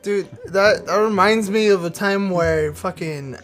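A man's voice: sits high, a little slow, a bit bright, soft background music. A young man in casual chat as a podcast co-host, telling rambling stories full of slang, fillers and swearing. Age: young adult.

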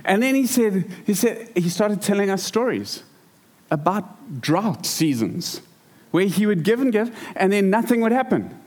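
Animated man preaching a sermon. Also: high-pitched, a little slow. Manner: storytelling, animated, repeats words. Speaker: pastor. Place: church hall.

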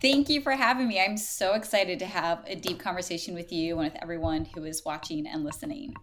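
An American woman talks as a podcast guest, upbeat and earnest, laughing easily. Her voice sits a little low for a woman. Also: fairly quick, fairly bright tone. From United States. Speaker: podcast guest, life coach. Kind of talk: casual interview chat.

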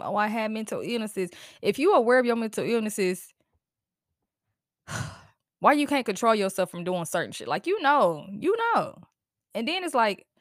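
A woman's voice: a little high, dry recording, studio quality. Profane, fired-up woman podcast host. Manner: heated, profane, animated venting with laughs and sighs. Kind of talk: casual solo podcast rant.

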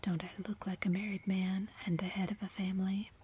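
A woman's voice: medium pitch, little pitch movement, a little fast, dark tone, slightly rough. Lady whispering cheeky boyish young husband, level whisper, whispered role-play. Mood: playful. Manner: whispered, playful. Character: young married man, mischievous and boyish.

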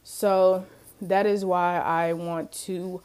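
A woman's voice: on the low side, level tone, very slow, darkish tone, clear, resonant tone. A young woman hosting a casual solo podcast, talking in a chatty, emphatic way, often laughing and addressing her listeners as y'all. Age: young adult. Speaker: podcast host.

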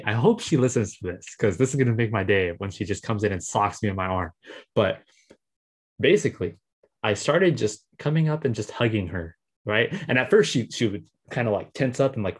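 A young man hosting a podcast, chatting casually and telling playful stories with lots of fillers and restarts. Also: fairly low pitch. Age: young adult. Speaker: podcast host. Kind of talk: casual chat.

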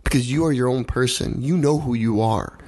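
A man's voice: mid-range voice, a little fast, darkish tone. Heated young man ranting casually. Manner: heated, swearing, repeats himself for emphasis. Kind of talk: casual opinionated chat.

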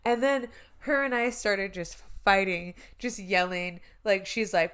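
A woman's voice: mid-range voice, moderate pace, few pauses, fairly bright tone, smooth. A young woman in her twenties telling a story in casual chat, swearing, laughing and using lots of fillers.

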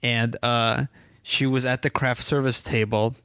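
A man's voice: mid-range voice, little pitch movement, unhurried, fairly bright tone, no echo, studio quality. Rambling, giggly male podcast co-host. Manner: rambling, laughs often, many fillers. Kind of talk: casual comedic banter.

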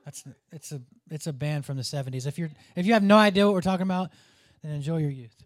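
A man's voice: fairly high pitch, fast talker, no echo, studio quality. A man preaching a conversational sermon, dropping to a near whisper at tender moments. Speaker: pastor.

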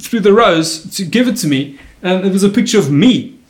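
A man telling comic stories in casual chat, animated and jumping high in pitch when he quotes people. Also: normal speed, echoey room.

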